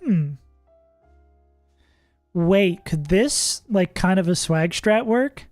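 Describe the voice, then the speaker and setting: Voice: medium pitch, expressive, extremely slow, darkish tone, dry recording, faint music behind. A streamer casually talking through a game live, thinking aloud, laughing often and swearing now and then. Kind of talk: casual livestream commentary while playing.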